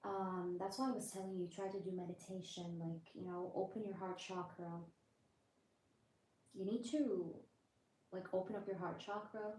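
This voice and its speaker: A woman giving a live tarot reading, talking straight to her viewers in a chatty, reassuring way and keeping her voice low late at night. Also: steady tone, normal speed, warm tone. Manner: keeps voice low, drops to a whisper at times. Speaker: tarot reader. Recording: roomy echo, faint background noise.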